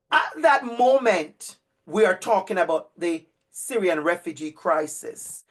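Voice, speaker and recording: A middle-aged male educator telling a story to an online audience over a video call, animated and emphatic, repeating phrases for effect. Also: high voice, a little slow, hardly any pauses. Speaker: educator and speaker.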